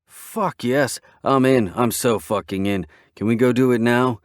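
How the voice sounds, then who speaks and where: A man voicing a brash, excitable male biker who is cocky and crude, in a dry audiobook reading. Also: medium pitch, normal speed, dry recording, pitched above the performer's own voice, lightly acted. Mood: eager.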